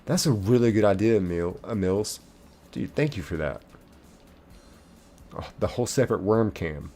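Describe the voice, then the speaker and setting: A man's voice: on the low side, animated, moderate pace, warm tone, faint music behind. A man streaming a game live, chatting casually and reading viewer comments aloud.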